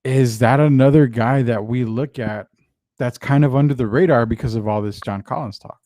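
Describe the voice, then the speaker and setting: A man hosting a laid-back sports talk show, putting questions to his co-host in a loose, rambling way. His voice sits at a middle pitch and sounds dry and close to the mic. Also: warm tone, no echo. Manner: drawn-out, questioning, conversational.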